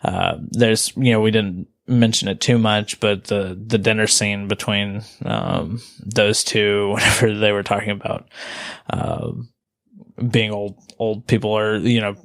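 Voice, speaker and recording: A man hosts a casual movie podcast in a lowish, gravelly voice. He rambles with many fillers, restarts and soft trailing asides. The recording is dry and close. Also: expressive, unhurried, no echo. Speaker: podcast host.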